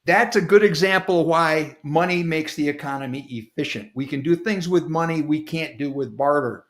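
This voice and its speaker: A man's voice: on the high side, moderate pace. A man speaking as a guest author on a video call, explaining ideas through folksy, homely examples. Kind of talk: casual explanatory talk.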